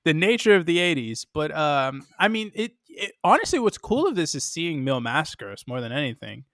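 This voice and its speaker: Joking male podcast co-host, bright tone, dry close-mic sound. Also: a little high, very animated, no echo. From Boston area. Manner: joking, swearing, quick riffs. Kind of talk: casual chat.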